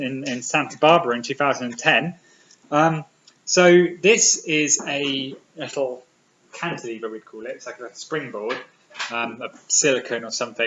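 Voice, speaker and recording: A man's voice: medium pitch, sharp tone, a little hiss or hum. A British man giving a public physics lecture, eager and full of ums and restarts. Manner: enthusiastic, many ums and restarts. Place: lecture hall. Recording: roomy, slightly dull lecture recording.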